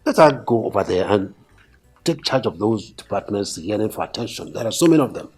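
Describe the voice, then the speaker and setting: A man's voice: lowish voice, animated, fairly quick, darkish tone, slightly rough, faint music behind. An actor playing a middle-aged king who lectures his sons and directs his wife. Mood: commanding. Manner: commanding, dismissive. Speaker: king and father. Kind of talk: film acting.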